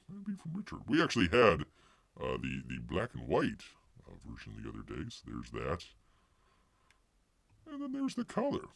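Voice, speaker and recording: A man's voice: low voice, wildly swooping pitch, moderate pace, gravelly, long pauses, fairly bright tone, no echo. A man hosting a casual livestream, rambling with jokey asides and calling himself by name in the third person. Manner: jokey asides and silly voices. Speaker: livestream host.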